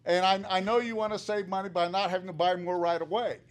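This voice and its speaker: A man's voice: sits high, fairly even intonation, fast. A retired older man speaking during public comment at a meeting, chatty and joking, with an upbeat manner, at a podium microphone in a meeting room.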